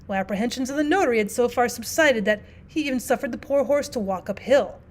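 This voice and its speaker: Woman teacher, story reading, expressive, casual asides, fairly high voice. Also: fast talker. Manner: expressive, with frequent "well" asides. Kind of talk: audiobook narration of a classic story.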